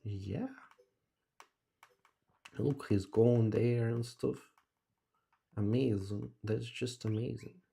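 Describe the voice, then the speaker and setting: A man streaming himself playing a handheld game live, musing aloud and excitedly calling out to a virtual puppy, swearing now and then. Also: medium pitch, slow pace, creaky, pauses often, husky. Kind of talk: live gameplay commentary.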